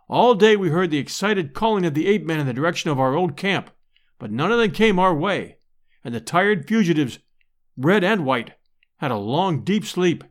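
A man reading an adventure audiobook in a measured, expressive storytelling manner. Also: fairly high pitch. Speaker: audiobook narrator. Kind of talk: audiobook narration.

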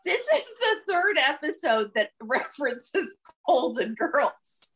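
High, lively woman chiming in. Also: takes it slowly. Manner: lively, chiming in with short remarks. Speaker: podcast co-host. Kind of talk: casual chat.

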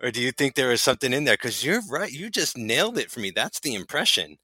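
A man's voice: medium pitch, sing-song, quick pace, pushed and bright, husky, dry recording. A man hosting a casual film podcast, joking and laughing through what he says. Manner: jokey, laughs through his lines. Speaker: podcast host.

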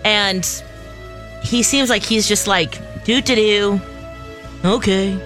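A woman's voice: mid-range voice, steady tone, takes it slowly, fairly bright tone, faint music behind. A woman co-hosting a morning radio talk show, playful and teasing in casual banter.

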